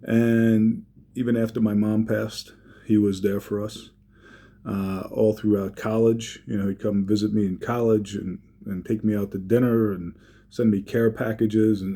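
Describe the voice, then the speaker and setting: A man telling a heartfelt personal story, halting, with many fillers and restarts. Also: lowish voice, flat delivery, warm tone.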